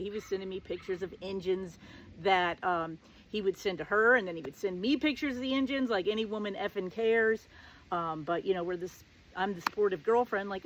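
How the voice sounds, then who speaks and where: A woman's voice: mid-range voice, brisk. A middle-aged woman hosting her own show, telling a personal story in a casual, sassy and sarcastic way. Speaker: show host.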